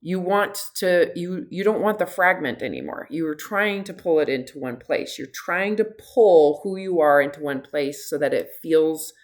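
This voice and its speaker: Low-voiced, frank woman health coach. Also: moderate pace, hardly any pauses. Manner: direct, frank, animated, laughs easily. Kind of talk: one-on-one consultation.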